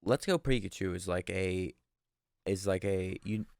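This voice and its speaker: A young man co-hosting a podcast, rambling through casual chat in an animated, sweary way. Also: low-pitched, measured pace, gravelly, dry recording, clean studio sound. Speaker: podcast co-host. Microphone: studio microphone.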